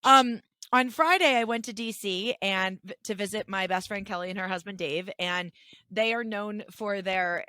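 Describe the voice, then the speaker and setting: A woman's voice: mid-range voice, moderate pace, no room sound. Woman podcast cohost rambling thru a story, lots of restarts, mid voice, dry sound. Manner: animated, chatty, many restarts. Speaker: podcast co-host. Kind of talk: casual storytelling chat.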